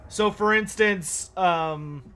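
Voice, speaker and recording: The man's voice sits high and sounds bright, smooth, and forceful, and he takes it slowly. He's livestreaming a strategy game, casually chatting, musing aloud, and answering viewers' questions.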